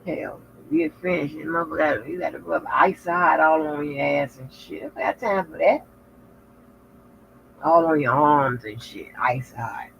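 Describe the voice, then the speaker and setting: A woman's voice: low voice, normal speed, gravelly. A woman vlogger chatting frankly and profanely with her viewers, telling stories in a loose, candid way. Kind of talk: casual chat to viewers. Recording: lo-fi with faint noise.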